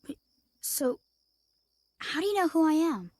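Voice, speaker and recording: A high-voiced puzzled young boy. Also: very animated, a little slow, darkish tone, no echo, studio quality, full character voice. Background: game music.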